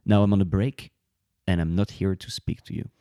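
A man's voice: deep voice, fairly even intonation, a little fast, mellow, no echo. A man performing in an improvised comedy sketch, dry and mock-dismissive.

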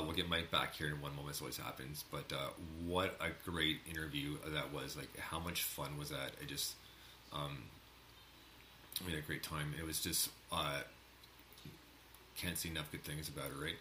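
A man's voice: rumbling low, fairly even intonation, moderate pace. A man co-hosting a casual chat show, telling a rambling story and laughing often. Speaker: co-host. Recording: echoey room with faint noise.

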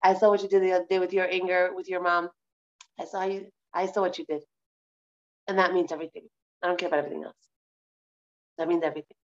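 A calm, forgiving God speaks low and soft, steady and reassuring, as a woman teacher puts him on. The voice sits well below a woman's usual register and is meant to comfort. It belongs to an online Torah class. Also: fast, long pauses, muffled recording, close to an everyday voice. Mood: tender. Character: gentle forgiving God, a calm male presence.

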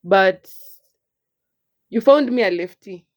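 A young woman with a Kenyan accent, co-hosting a casual podcast chat in an animated way. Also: mid-range voice, slow, lo-fi sound. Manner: animated, mixes English and Swahili, laughs often. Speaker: podcast co-host.

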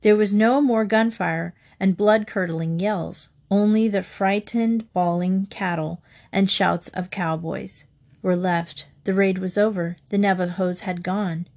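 A woman narrating a children's western storybook in a steady, expressive reading. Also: medium pitch, a little slow. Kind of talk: storybook read-aloud.

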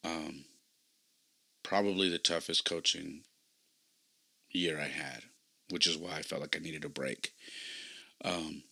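A man with a very low voice and a gravelly edge tells a personal story in an earnest, reflective monologue. His tone is forceful and tense as he hosts his podcast and recounts his coaching. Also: fairly even intonation, slow pace, pauses often. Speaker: podcast host and youth baseball coach.

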